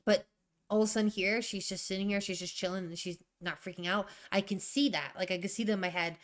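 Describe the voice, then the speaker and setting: A woman's voice: medium pitch, steady tone, fast. A young woman thinking aloud while she edits a draft, rereading her sentences and ranting in asides. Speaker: writer streaming a writing session.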